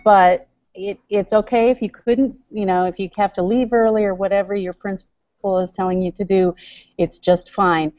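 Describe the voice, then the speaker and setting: A woman's voice: mid-range voice, dry recording. A woman organizing an online teacher training, speaking in a rambling, hesitant, self-deprecating way. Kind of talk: casual online meeting talk. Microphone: video call. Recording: dull, dry video-call audio.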